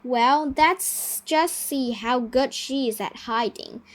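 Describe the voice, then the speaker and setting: A woman's voice: high-pitched, slow. Woman doing a cheeky young boy. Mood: impressed. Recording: noisy recording with clicks.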